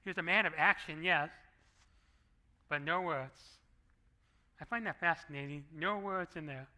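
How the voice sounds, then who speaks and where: A man's voice: on the high side, unhurried, bright, forceful tone. A middle-aged man preaching a sermon as pastor, talking conversationally and slipping into acted asides, on a handheld microphone in a church. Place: church sanctuary.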